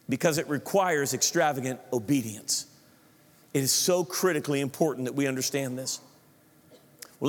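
Male pastor, middle-aged, sermon, animated, slightly high voice, long church-hall reverb. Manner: animated preaching, acts out his inner voice, asks the congregation questions. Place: large church auditorium.

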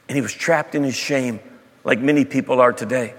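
A man's voice: mid-range voice, a little fast, long reverb tail. A male preacher giving a dramatic storytelling sermon, asking the audience questions as he retells a parable.

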